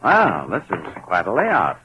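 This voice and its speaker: An actor in a 1940s radio drama playing a wisecracking private eye who also narrates in slang. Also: male voice, lowish voice, wildly swooping pitch, a little slow, background noise. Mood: breezy. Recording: muffled old radio recording with music.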